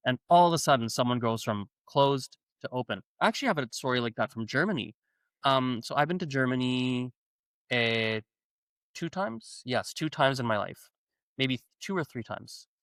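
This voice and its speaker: A man's voice: mid-range voice, a bit bright, dry recording. Podcast host, male, mid-range voice, chatty storyteller, dry booth sound. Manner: talkative, gives long examples from personal experience. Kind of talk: casual conversation.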